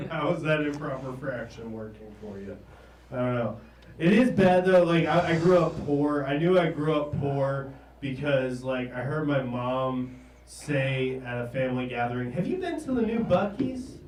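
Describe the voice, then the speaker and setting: A man in his thirties from the American South doing a stand-up set, halting and trailing off, often chuckling at his own jokes. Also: medium pitch, fairly even intonation, darkish tone, a little hiss or hum. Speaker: stand-up comedian. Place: comedy stage in a small room. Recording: roomy, distant live room recording.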